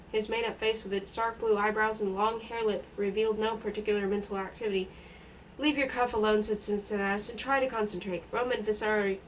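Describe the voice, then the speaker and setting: A woman reading a novel aloud in an unhurried way, now and then stumbling and restarting words. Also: on the high side, far from the mic, slight background noise, rough recording. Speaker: audiobook reader.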